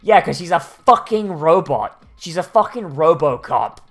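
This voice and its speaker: A woman's voice: low voice, animated, a little slow, breathy edge. A young woman hosting a let's play, rambling and sarcastic with heavy swearing as she reads the game's text aloud. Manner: crude, heavily profane, sarcastic, rambling. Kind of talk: gameplay commentary reading game text aloud. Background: faint game music.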